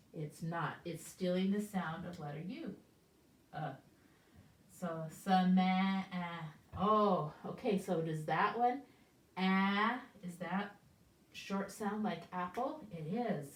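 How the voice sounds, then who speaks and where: An older woman teaching preschoolers the letter A, patiently sounding out words and asking gentle questions. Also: mid-range voice. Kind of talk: slow, clear phonics lesson for small children. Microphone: camera set up at a distance. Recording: roomy echo, voice from far off.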